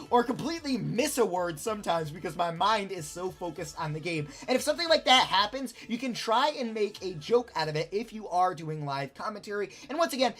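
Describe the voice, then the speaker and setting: A woman giving casual how-to advice as a YouTube commentator, emphatic and blunt, repeating words for stress and swearing now and then. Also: medium pitch.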